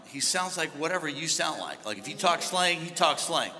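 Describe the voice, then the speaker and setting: A man preaching a sermon as pastor, moving between hushed storytelling and shouted exhortation. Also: fairly high pitch, lively intonation, brisk, few pauses, in a large hall. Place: large church.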